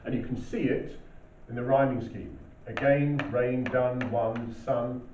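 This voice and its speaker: A man's voice: mid-range voice, fairly even intonation, measured pace, warm tone. Male English teacher, classroom lesson; distant mic, dull lo-fi sound. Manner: explanatory, frequent "okay?" checks. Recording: distant, dull, roomy with faint hiss.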